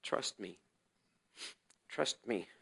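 A man quoting the calm, commanding voice of God in soft, hushed repetition during a sermon. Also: slow. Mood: hushed insistent.

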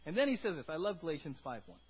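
A man's voice: a little high, big pitch swings, very fast, slightly rough, highs cut off. A male pastor giving an emphatic sermon at a church service, asking the congregation questions. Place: church service before communion.

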